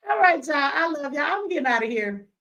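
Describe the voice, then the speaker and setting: A woman's voice: high voice, fairly bright tone. A woman hosting a casual live stream from home, chatty and slangy, cussing and reading viewer comments aloud. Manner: chatty, slangy, cusses and laughs often.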